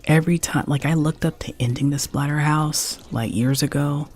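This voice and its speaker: A man's voice: fairly high pitch, steady tone, moderate pace, slight background noise. A man in his forties streaming a game, rambling in a heartfelt way and dropping "man" and "like" often. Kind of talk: casual chat while gaming.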